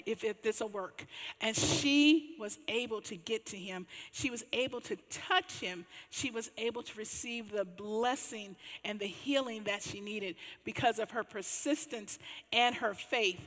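A woman pastor preaching in a lively storytelling style that builds to exclamations. Her voice sits slightly high, and the sanctuary adds a long, ringing reverb to every phrase. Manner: animated storytelling, swelling to exclamations. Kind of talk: sermon.

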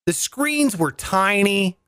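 Recording alone at home, a comedian host riffs through a sarcastic comic monologue in a high-pitched, clear, resonant voice, taking it slowly. His voice leaps up and down as he lands punchy lines, and the sound is dry and close with no room echo.

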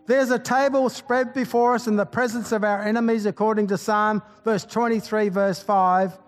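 A man with a notably high voice preaches with fervor, firing off rhetorical questions and folksy jokes. He keeps building toward exclamations of praise. Soft music plays faintly behind him. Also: steady tone, moderate pace. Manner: exclamatory, rallying the congregation. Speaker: pastor. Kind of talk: sermon.

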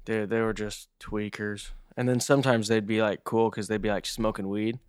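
A man's voice: lowish voice, flat delivery, normal speed, clear, resonant tone, no echo, studio quality. A man co-hosting a podcast, telling stories in a laid-back, casual way, swearing freely and saying "dude" a lot. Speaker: podcast co-host. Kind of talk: casual chat.

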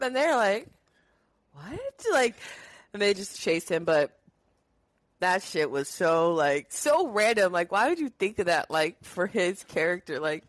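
A woman's voice: mid-range voice, animated, moderate pace. A young woman co-hosts a casual movie podcast, her voice bouncing up and down as she retells scenes. She laughs often and acts out the lines. The sound is dry and close, with no room echo. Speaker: podcast co-host. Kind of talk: casual chat recapping movie quotes.

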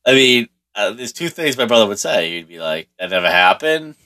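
A man's voice: medium pitch, big pitch swings, a little fast, pushed and bright. A middle-aged man telling a personal story in a rambling, profane way, full of restarts and fillers. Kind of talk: casual storytelling monologue.

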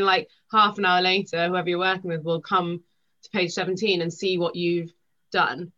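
Animated woman on a lo-fi podcast. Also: on the low side. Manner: rapid, animated storytelling with acted-out quotes. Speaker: guest. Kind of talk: podcast conversation. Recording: dull lo-fi sound.

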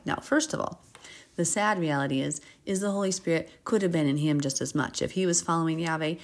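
A woman hosting a Bible podcast, reading scripture aloud and breaking off into expressive, giggly commentary. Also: deep voice, brisk. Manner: expressive, giggly, acts out characters in paraphrase.

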